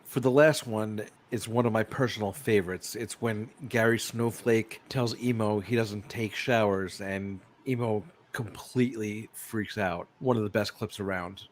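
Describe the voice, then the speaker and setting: A man introducing clips with dry, mocking remarks in a slightly low voice. His tone is casual and matter-of-fact. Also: steady tone, measured pace, hardly any pauses. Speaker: compilation host. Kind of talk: casual commentary between clips.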